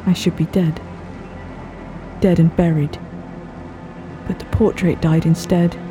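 A woman voicing a haunted, terrified male artist who speaks in a hollow, broken, hushed voice. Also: fairly low pitch, flat delivery, slow pace.

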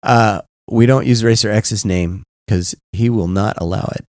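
A middle-aged man co-hosting a podcast, telling candid, profane stories in a casual, animated way. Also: on the low side, moderate pace, dry recording, studio quality. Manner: blunt, profane, animated, frequent "right?". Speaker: podcast co-host.

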